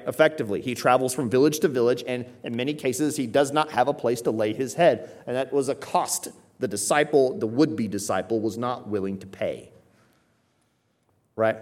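A man's voice: mid-range voice, a little mellow. A man preaching a sermon, explaining scripture in a teaching manner with frequent rhetorical "right?" asides. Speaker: pastor.

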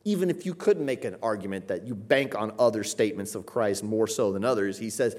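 A male pastor delivering a sermon in a church, talking with his congregation in a conversational style. He leans hard on key words for emphasis and keeps checking in with quick rhetorical asides. His voice sits at an ordinary, mid-range pitch. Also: very animated.

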